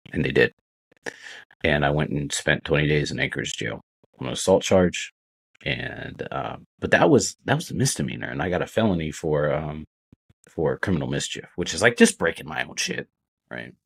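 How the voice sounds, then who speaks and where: A man's voice: rumbling low, gravelly, fairly bright tone, slightly rough. A man, a podcast guest, telling his own story in a candid, casual way, swearing often and using many fillers.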